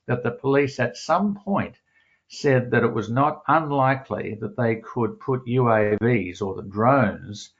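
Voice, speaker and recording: A man giving an academic talk as a guest speaker, measured and full of fillers and restarts. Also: on the low side. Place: home office in Melbourne. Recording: dull lo-fi video call audio.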